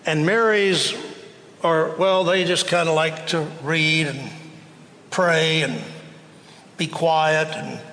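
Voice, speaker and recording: A man preaching a sermon, telling the story in a slow, conversational way. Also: a little high, steady tone, a bit bright, in a large hall, a little hiss or hum.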